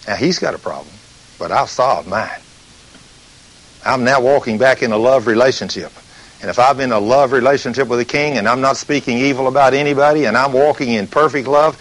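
A man preaching a sermon, reading scripture slowly and telling stories with emphasis. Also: medium pitch, low-quality recording.

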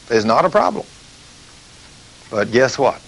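A man's voice: medium pitch, lively intonation, poor audio. Emphatic preacher man. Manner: emphatic, drawn-out scripture reading, storytelling. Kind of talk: sermon.

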